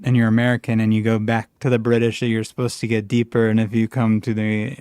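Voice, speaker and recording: A man's voice: lowish voice, monotone, fast, darkish tone, clean tone, dry recording. A man hosting a casual stream chat, who talks in a teasing, playful way.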